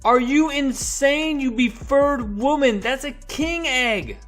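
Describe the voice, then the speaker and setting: A man voicing an excitable, high-strung male alien creature who lectures in a shrill, exasperated way. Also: takes it slowly, faint music behind, exaggerated voice.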